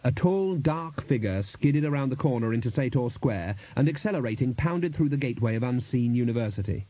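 Warm, husky male audiobook narrator. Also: medium pitch, a little fast, dry recording, rough recording. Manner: lively, expressive reading.

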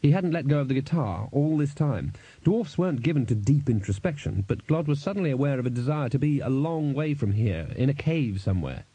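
A man reading a novel aloud as an audiobook narrator, in a steady storytelling manner. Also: medium pitch, a little fast, few pauses, breathy edge, dry recording. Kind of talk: scripted narration.

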